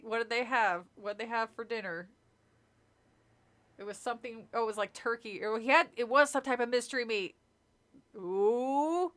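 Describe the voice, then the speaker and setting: Woman streamer, high and bright, casual read-aloud with lots of laughs, slips and tangents. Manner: laughs often and stumbles and corrects herself while reading. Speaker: streamer reading a book aloud.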